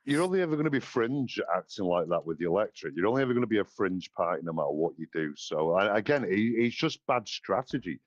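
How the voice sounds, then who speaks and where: A man with a lowish voice talks politics bluntly and heatedly, swearing freely as he hosts. His audio is dull and muffled, with a dry, close sound and no room around it. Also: animated, fast talker, few pauses, no echo. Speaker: podcast host. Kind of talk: casual political chat.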